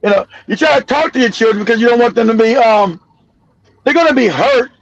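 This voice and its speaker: A middle-aged man talks bluntly on a live stream. His voice sits high for a man and he keeps driving his point home with repeats. The sound is dry and a little muffled. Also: expressive, fairly quick, dry recording. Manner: blunt, emphatic, repeats himself, laughs often. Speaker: show host. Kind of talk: casual live-stream commentary.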